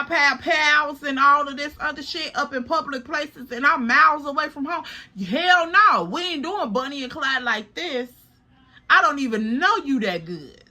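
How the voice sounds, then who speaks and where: A young woman vlogger recounts a story with sass and plenty of profanity, speaking directly to her audience. Her voice is high and bright, and she lands her points with emphatic force. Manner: sassy, emphatic, profane, talks straight to viewers as "girl" and "y'all". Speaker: vlogger telling a personal story. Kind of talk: animated storytime.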